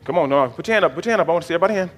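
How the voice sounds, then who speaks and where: A man's voice: fairly high pitch, lively intonation, rapid-fire, fairly bright tone, long reverb tail. A man, the bishop of his church, preaching a sermon with call-and-response and folksy jokes to the congregation. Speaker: pastor, bishop. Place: church sanctuary.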